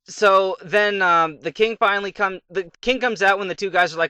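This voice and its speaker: Bright, chatty young gamer guy. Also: high voice, normal speed, clean tone, no room sound. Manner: rambling, retells a fairy tale in bits between game moves, mutters. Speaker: let's play commentator. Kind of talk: casual gameplay commentary with storytelling.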